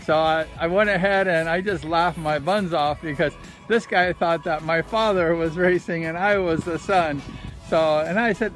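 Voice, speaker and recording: In a casual vlog shot outdoors by the ocean at low tide, a former motorcycle racer chats with his dog nearby. His slightly high voice stays fairly even at a normal speed as he spins amused, self-deprecating stories, with background music beneath.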